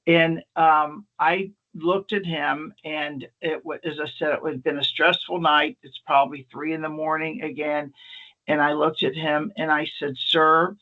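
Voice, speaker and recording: A man, an emergency nurse, telling a lively anecdote in a presentation, restarting often. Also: a little high, a little slow. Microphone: video call or meeting mic. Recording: slightly muffled meeting recording.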